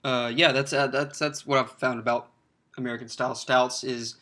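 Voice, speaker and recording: A man's voice: mid-range voice, level tone, normal speed, pushed and bright. A man giving a casual, rambling beer review, full of fillers and restarts. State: slightly choked up, clears throat.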